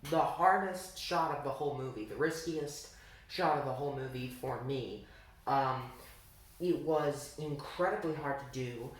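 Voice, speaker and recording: A man giving relaxed, self-critical commentary on his own amateur film. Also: on the high side. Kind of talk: reflective voice-over commentary. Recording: very echoey room, far mic.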